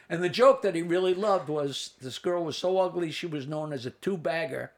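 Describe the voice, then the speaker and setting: Gravelly comedian in his sixties. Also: on the high side, moderate pace. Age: 60s. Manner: rambling anecdotes with asides and restarts. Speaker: comedian guest. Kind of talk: storytelling in a casual interview.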